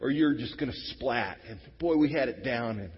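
A middle-aged pastor preaches in a church sanctuary, his mid-range voice husky, a little breathy, and expressive at a moderate pace. He addresses the congregation conversationally, sinking to a hush before rising to loud exclamations. The hall's long reverb and a dull, lo-fi recording surround him.

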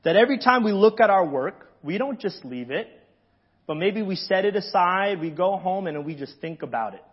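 A pastor preaching a sermon in a conversational way, often checking in with the congregation. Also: male voice, sits high, lively intonation, normal speed, husky, lo-fi sound. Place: church sanctuary.

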